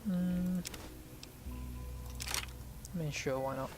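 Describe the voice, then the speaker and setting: A man's voice: high-pitched, drawn-out words, music in the background. A man giving casual, rambling gameplay commentary, swearing and joking at himself. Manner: rambling, swearing, self-mocking. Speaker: let's play host.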